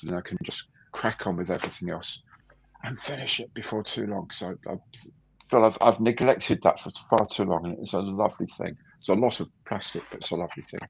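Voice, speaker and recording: A man's voice: low-pitched, gravelly, a bit bright, breathy edge, dull audio. A man hosting a casual live stream, chatting and greeting viewers by name.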